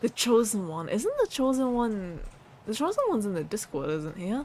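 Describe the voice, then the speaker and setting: A woman's voice: mid-range voice, sing-song, normal speed, darkish tone, a little hiss or hum. A woman streaming casually, reading viewer submissions aloud and repeating words with a playful laugh.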